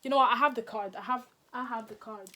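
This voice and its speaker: Animated young woman telling a storytime. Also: on the high side, fast talker. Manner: animated, dramatic storytelling with slang and swearing. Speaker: vlogger. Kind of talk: storytime vlog.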